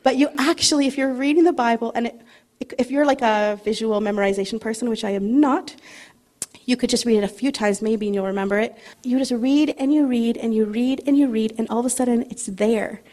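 A woman's voice: a little high, darkish tone. Chatty woman preaching a casual sermon. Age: middle-aged. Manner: chatty and self-deprecating, laughs often, reads scripture slowly. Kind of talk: casual sermon with scripture reading.

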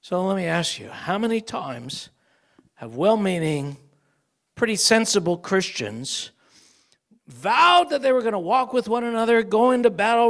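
Animated high-voiced male preacher. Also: moderate pace. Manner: animated storytelling, acting out quoted voices. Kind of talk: sermon.

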